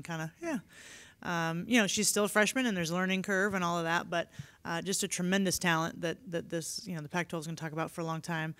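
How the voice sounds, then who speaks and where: A woman coach fields questions at a podium, talking in a loose, candid way full of fillers. Her voice is smooth and resonant and keeps a fairly flat pitch. The sound is dry and close. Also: a little fast, no room sound. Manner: relaxed, candid, many fillers. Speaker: head coach. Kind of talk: press conference answers. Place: media day podium.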